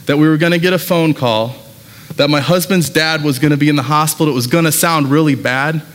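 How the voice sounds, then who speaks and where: A man's voice: mid-range voice, fairly bright tone. A man preaching a sermon as pastor, talking casually and telling stories with lots of fillers, in a church. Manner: casual, conversational storytelling with many fillers. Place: church sanctuary. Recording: long hall reverb.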